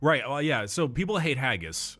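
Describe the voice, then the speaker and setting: A man's voice: mid-range voice, sing-song, normal speed, bright, forceful tone, soft background music. A man co-hosting a casual livestream, rambling through stories and reading viewer messages aloud with lots of restarts. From Southern California. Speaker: co-host of a livestream.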